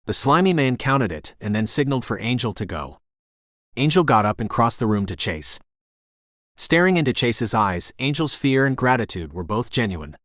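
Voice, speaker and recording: A man reads an audiobook aloud, narrating his scripted story in a steady, even way. His voice is mid-range and his pace moderate, captured as clean studio sound with no room noise.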